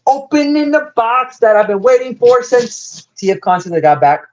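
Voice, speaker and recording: A young man with a slight Latin American Spanish accent, hosting a live toy unboxing stream and gushing with excitement. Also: normal speed, lo-fi sound, noisy background. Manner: excitable, gushing, wide pitch jumps.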